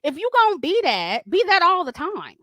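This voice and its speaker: A woman's voice: very high voice, big pitch swings, normal speed, fairly bright tone, dry recording. A woman hosting a livestream, ranting at critics in a confrontational, profane way, laughing often as she reads super chats.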